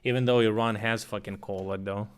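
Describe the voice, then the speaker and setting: A man streaming reaction commentary, swearing and ranting in loud outbursts. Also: lowish voice, steady tone, fairly quick.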